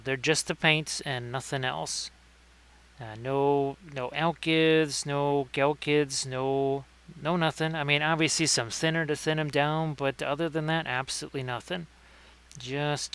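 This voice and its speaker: A man's voice: fairly high pitch, fairly even intonation, measured pace, gravelly, a bit bright, smooth. A man hosting a casual livestream painting tutorial, chatting with viewers by name between painting tips. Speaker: miniature painting streamer.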